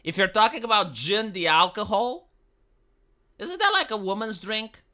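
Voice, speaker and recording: A Romanian man with a high voice rants casually on a live stream at a normal speed. He stammers a lot and swears, staying animated throughout.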